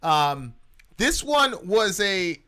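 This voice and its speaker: A young man co-hosting a podcast, chatting casually and bursting into loud impressions. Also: sits high, very animated, drawn-out words, smooth. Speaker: podcast co-host. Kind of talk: casual reaction chat.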